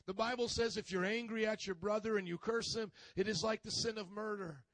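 A man preaching a sermon, slow and emphatic, building to shouts. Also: high voice, fairly even intonation, dry recording.

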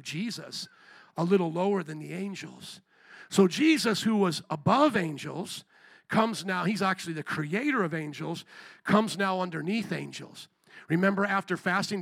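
A young man preaching a lively sermon, animated, acting out voices and shouting for emphasis. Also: sits high, creaky, no echo. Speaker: pastor.

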